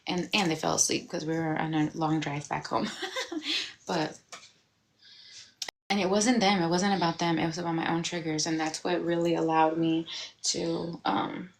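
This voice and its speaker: A woman in her thirties talking candidly on a livestream, reflective and confessional, breaking into animated bursts and laughs. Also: sits low, normal speed, vocal fry. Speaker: livestream host. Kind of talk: casual livestream talk. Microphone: phone.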